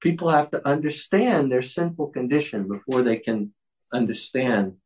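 A man, a pastor, talking earnestly and emphatically about preaching in a relaxed conversation. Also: mid-range voice, normal speed, slightly rough, low-quality recording.

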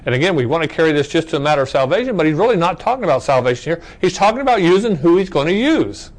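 A man's voice: fairly high pitch, sing-song, rapid-fire, slight background noise, poor audio. A man teaching a Bible study class in a conversational way, asking rhetorical questions, checking in with "okay?", and restarting phrases as he reads verses aloud.

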